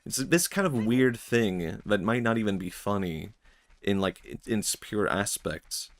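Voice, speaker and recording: A young man talks on his stream in a somewhat low voice. He rambles reflectively, thinking aloud with frequent chuckles, and keeps the tone loose and casual. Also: expressive, measured pace.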